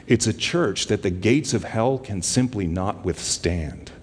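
A man giving a guest sermon in a church, mixing casual stories with slow, softly quoted scripture. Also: lowish voice, expressive, slightly rough, long reverb tail. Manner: conversational, scripture quotes slowed and softened. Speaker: guest preacher from a justice ministry.

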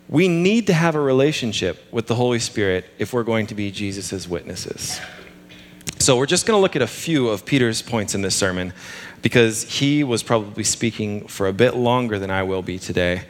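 Conversational man preaching a sermon. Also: medium pitch. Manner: conversational, humorous, lively emphasis.

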